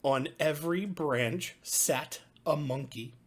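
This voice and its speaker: A man, a pastor, reading a bedtime story to children in an expressive, sing-song way. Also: fairly high pitch, slow.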